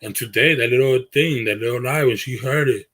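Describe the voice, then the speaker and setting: Poor audio captures a man's brisk, fairly bright mid-range voice as he hosts a relaxed livestream from his bedroom. Talking to his viewers, he uses earnest slang and often drops a thought midway before restarting it.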